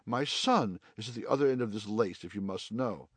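A proper, prim mother snapping back sharply, read by a man in his own voice. The pitch moves a lot and the recording is dry and close. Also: expressive, moderate pace, breathy edge, no room sound. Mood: indignant. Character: proper, indignant middle-aged mother.

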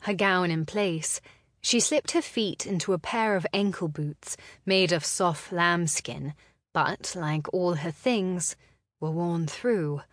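A woman narrating a historical novel in a slow, measured reading. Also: lowish voice, dry recording, studio quality. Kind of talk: scripted narration.

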